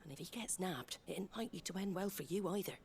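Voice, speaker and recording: A woman's voice: lowish voice, quick pace, gravelly, darkish tone, a little hiss or hum. An actress playing a guarded, blunt landlady of a tavern in a game. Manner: guarded and blunt, plain warnings. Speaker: game character.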